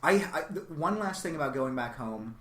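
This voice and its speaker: Animated, bright-voiced man telling stories. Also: mid-range voice, a little fast, slight background noise. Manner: rambling, animated storytelling with constant "like". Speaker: comedian guest. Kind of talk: casual podcast chat. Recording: echoey room.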